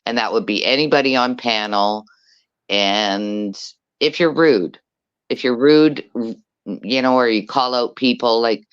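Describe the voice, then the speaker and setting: A woman's voice: very deep voice, measured pace, smooth, dull audio. A woman guest on a casual panel chat who moderates the chat, self-deprecating and blunt, laughing often.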